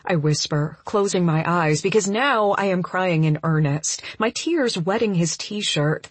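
A woman narrating a first-person audiobook in an intimate, emotional, measured way. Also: fairly low pitch, husky, dry recording.

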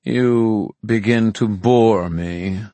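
A man's voice: fairly low pitch, very slow, mellow, no echo. A man reading an audiobook, voicing an arrogant, ruthless young male villain in a sneering, commanding tone. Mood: bored.

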